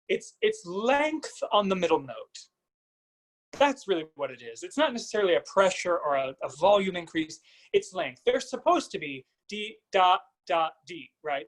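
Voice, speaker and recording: A man's voice: sits high, rough recording. A man giving a singer vocal coaching feedback over a video call, singing short phrases to demonstrate.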